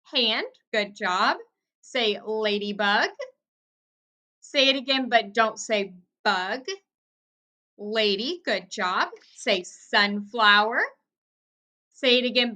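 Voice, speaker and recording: A young woman records a phonics lesson for first graders, speaking clearly and encouragingly and offering steady praise. Her voice is a little high.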